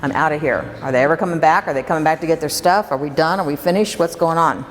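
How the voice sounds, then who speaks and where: A woman's voice: sits low, fast. Woman speaker quizzing a hall audience. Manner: conversational, poses questions to the audience. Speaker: workshop presenter. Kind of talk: talk to a live audience. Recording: reverberant hall, faint room noise.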